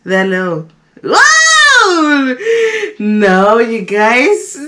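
Young woman, excited fan reaction, squeals, mixes in Spanish phrases, very animated pitch, music playing behind. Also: a little slow. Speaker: reaction video host.

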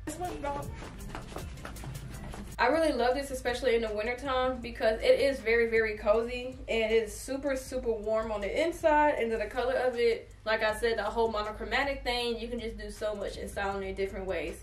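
A young woman with a high, bright-sounding voice talks animatedly to her viewers about her clothes. She is recorded in an echoey room, a little away from the microphone. Faint music plays underneath. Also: fairly quick, far from the mic. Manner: chatty, animated, addresses viewers as y'all. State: has hiccups. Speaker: fashion vlogger. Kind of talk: casual try-on haul chat.

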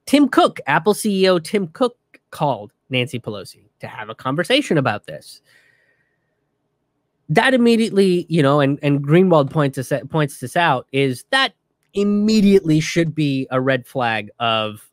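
A man rants in a casual, profane commentary, his voice sitting a little high for a man. He is animated and swears freely, recorded dry and close. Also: moderate pace, no echo.

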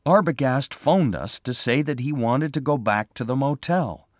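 A man's voice: medium pitch, animated, normal speed, no echo, studio quality, pitched above the performer's own voice, lightly acted. A man voicing a concerned young man who speaks urgently and earnestly.

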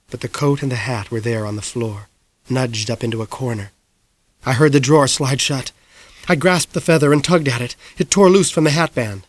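A middle-aged man narrating an audiobook in the first person, measured, low and intimate. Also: no echo.

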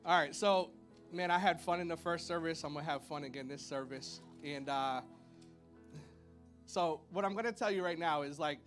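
Guy preaching in a church, pretty high voice, chatty and joking around, y'all this and like that, some music faint underneath. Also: moderate pace, fairly bright tone. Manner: chatty and playful, lots of "y'all" and "like", with high playful sound effects. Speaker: pastor. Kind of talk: casual sermon. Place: church sanctuary with a congregation.

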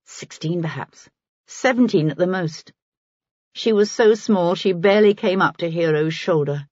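Husky-voiced woman narrating an audiobook. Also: on the low side, a little mellow, no echo, muffled recording. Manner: measured storytelling. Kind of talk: scripted narration.

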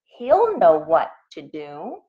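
A woman's voice: low voice, huge pitch swings, slow pace, phone-quality sound, full character voice. A woman reading aloud voices a small, self-important male chief frog with a formal, commanding manner.

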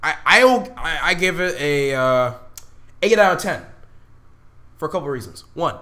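A hoarse young man reacting live on his channel, excitable, shouting and swearing as he comments. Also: fairly high pitch, normal speed. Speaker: video host reacting live.

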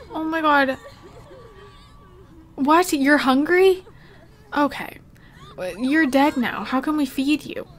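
A woman's voice: sits high, takes it slowly, pauses often. A young woman giving emotional let's play commentary, gasping and exclaiming as she talks to her viewers.

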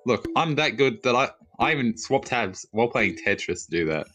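A man's voice: mid-range voice, expressive, brisk, music in the background. A man chatting on a call during a game, cocky and trolling, laughing at his own jokes. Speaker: moderator and friend on call. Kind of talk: casual chat while gaming.

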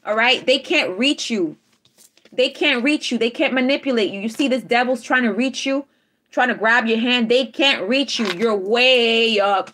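A woman's voice: a little high, moderate pace, fairly bright tone. Emphatic woman giving a live tarot reading. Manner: emphatic, repeats affirmations, checks in with "all right?". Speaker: tarot reader.

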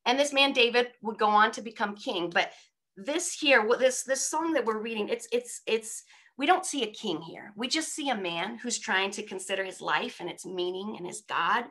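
A woman's voice: a little high, pushed and bright. A middle-aged woman giving a conversational sermon at a women's church event over a video call, informal, with frequent rhetorical asides. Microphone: speaking on a video call.

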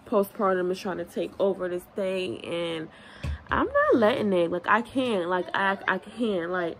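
A young adult woman, a vlogger and mother of two babies, chats candidly with her viewers, calling them y'all, in a casual day-in-the-life vlog at home. Her voice is lowish with a fairly bright tone, and there's slight background noise.

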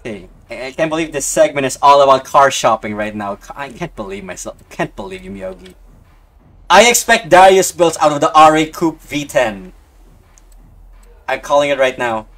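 A young man giving casual live-stream commentary as he plays, excitable, swinging from low mumbling to sudden outbursts. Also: moderate pace. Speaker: game streamer.

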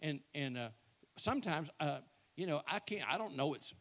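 Man, 60s, church comic storyteller; bright, folksy, self-mocking. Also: on the high side, animated, normal speed. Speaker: church speaker. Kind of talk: comic storytelling to a live audience.

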